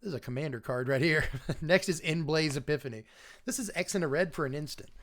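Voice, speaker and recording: A man's voice: fairly high pitch, fast talker, fairly bright tone. A man hosting a casual livestream card review, talking animatedly, chuckling often and chatting with his viewers. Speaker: host.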